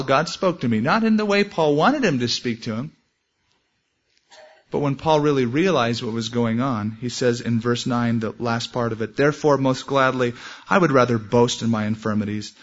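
A man's voice: mid-range voice, normal speed. A man preaching a sermon in an earnest way, telling a personal story and quoting scripture and prayers. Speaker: pastor. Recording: dull lo-fi sermon recording.

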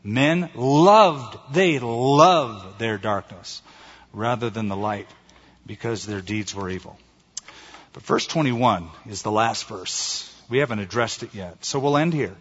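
A male pastor preaching a sermon and reading a story aloud, earnest and measured. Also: on the low side, fairly bright tone, husky. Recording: dull recording in echoey hall.

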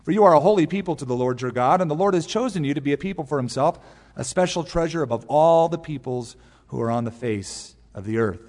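A man's voice: fairly high pitch, expressive, fast, darkish tone, big-room sound. A male pastor giving a conversational verse-by-verse Bible teaching, mixing in personal stories, from a church pulpit. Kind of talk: expository sermon. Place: large church sanctuary.

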